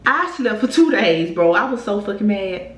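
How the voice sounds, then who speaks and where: Animated young woman telling a story. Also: mid-range voice, normal speed. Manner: animated, heated retelling with profanity and laughs. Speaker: YouTube storyteller. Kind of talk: casual storytime vlog. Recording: echoey room with faint noise.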